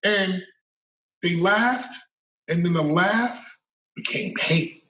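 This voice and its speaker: Man, high voice, emphatic profane storyteller, roomy echo, set back from the mic. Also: takes it slowly, pushed and bright, far from the mic. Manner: profane, emphatic, repeats words when building a point. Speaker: podcast guest. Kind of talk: storytelling in casual interview.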